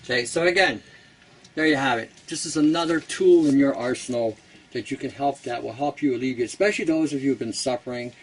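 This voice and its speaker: A man's voice: mid-range voice, fairly quick, recorded from a distance, low-quality recording. Canadian guy rambling on his channel, blunt, laughs at his own jokes, bit of hiss behind. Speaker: host. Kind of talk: casual instructional talk.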